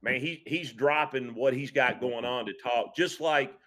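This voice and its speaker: A man who coaches high school football, speaking casually on a podcast, reflective and earnest, often restarting his sentences. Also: unhurried, fairly bright tone. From Kentucky.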